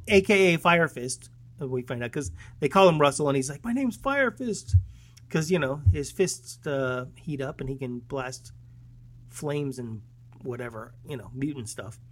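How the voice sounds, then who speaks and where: A man in casual chat, retelling a film's plot in a rambling way with many fillers, restarts and chuckles. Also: fairly high pitch. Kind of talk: casual movie recap chat.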